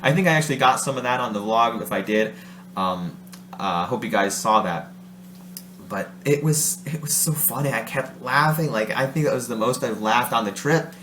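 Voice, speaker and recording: Expressive and fairly bright, this mid-range Ohio vlogger talks at a moderate pace to his audience. His casual monologue wanders, with frequent laughter and self-corrections, recorded in a roomy room with a faint hum.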